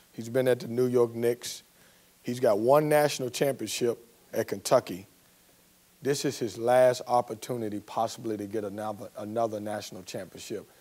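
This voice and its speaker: A college basketball coach giving a storytelling speech to a business audience and acting out the quotes. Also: male voice, mid-range voice. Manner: storytelling, animated, acts out quotes.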